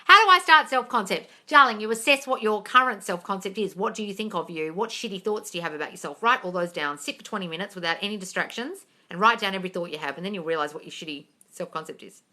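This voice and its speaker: Speaking fast at a medium pitch with barely a pause, this young adult woman runs a laid-back live question-and-answer stream. Blunt and foul-mouthed, she addresses viewers as darling and keeps erupting into loud, excited outbursts.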